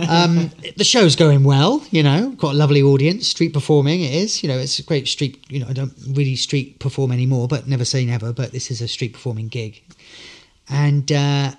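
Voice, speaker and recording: A man's voice: mid-range voice, moderate pace. Rambling storyteller man. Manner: rambling storyteller, many fillers and restarts. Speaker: guest, street performer. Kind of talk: anecdotal podcast chat.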